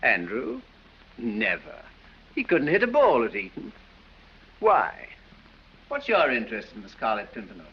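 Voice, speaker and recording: A giggling foppish aristocrat. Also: male voice, medium pitch, wildly swooping pitch, measured pace, pauses often, breathy edge, exaggerated voice. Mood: wry. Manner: affected drawl, giggling and dithering. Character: foppish, silly English aristocrat dandy. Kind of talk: 1930s film acting. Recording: dull old film soundtrack with hiss.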